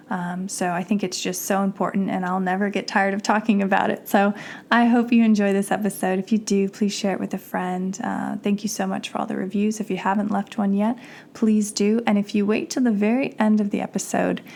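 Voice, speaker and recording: An enthusiastic woman in her thirties hosts a podcast and reads sponsor spots. Her voice has a gravelly, fry-tinged edge. She talks in a casual, chatty way. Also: mid-range voice, a little mellow. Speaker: podcast host.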